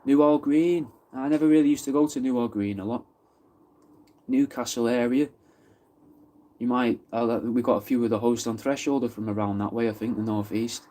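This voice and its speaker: A man's voice: mid-range voice, steady tone, normal speed, warm tone. A man from Manchester with a Mancunian accent, chatting casually on a live stream, answering viewers' comments and swearing freely. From Wythenshawe, Manchester. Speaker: livestream host.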